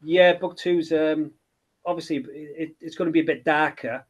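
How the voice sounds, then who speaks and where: A man's voice: on the high side, fairly even intonation, normal speed. A middle-aged man, a children's book author chatting in an interview, rambling and hesitant with many restarts. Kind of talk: casual interview chat.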